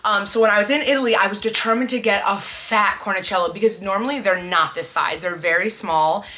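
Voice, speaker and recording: A young woman talking casually to camera in a fashion vlog, chatty and excitable, full of little asides. Her voice is bright and forward, sitting at an ordinary pitch for a woman. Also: brisk. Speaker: fashion vlogger.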